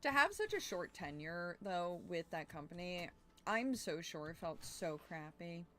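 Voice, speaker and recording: A woman's voice: on the low side, big pitch swings, unhurried, pushed and bright. Chatty young woman streaming a game. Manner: chatty, swears casually, thinks aloud while playing. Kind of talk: casual gameplay chat.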